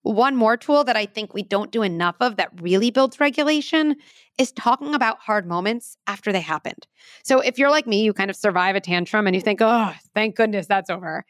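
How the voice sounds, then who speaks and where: A woman in her thirties, a parenting expert explaining advice in an interview with earnest, lively examples. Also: mid-range voice, brisk, no echo, studio quality.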